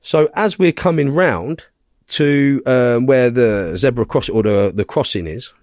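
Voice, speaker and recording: A man's voice: medium pitch, measured pace, darkish tone, dry recording, studio quality. Blunt, swearing man telling a story. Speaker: podcast guest. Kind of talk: storytelling in a podcast interview.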